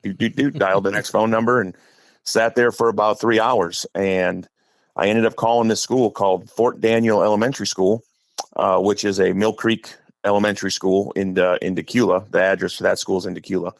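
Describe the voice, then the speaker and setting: A middle-aged man from Wisconsin with a low, gravelly voice, talking on a podcast as a guest coach. He tells long, chatty stories and slips into voices for the people in them. The sound is close and dry. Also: fairly even intonation, brisk, no room sound. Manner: talkative, acts out quotes in stories. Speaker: high school head football coach, podcast guest. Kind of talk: casual storytelling.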